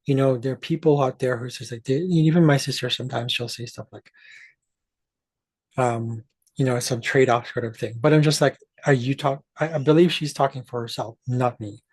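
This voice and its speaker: A man's voice: mid-range voice, steady tone, moderate pace, darkish tone, breathy edge, no echo. A man hosting an astrology channel, ranting to his viewers in an emphatic, profane way and often restarting mid-sentence. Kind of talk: ranting monologue to camera.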